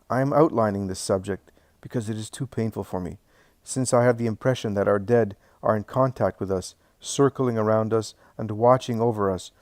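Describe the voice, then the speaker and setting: A man narrating a first-person memoir in a slow, measured, emotional way, building to swelling emphasis on key phrases. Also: fairly low pitch, dry recording, clean studio sound. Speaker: audiobook narrator.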